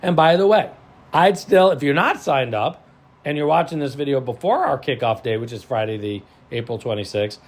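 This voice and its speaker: A man giving a motivational coaching talk as a mindset and self-leadership coach, with an animated delivery full of sudden loud stresses. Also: mid-range voice, normal speed, husky.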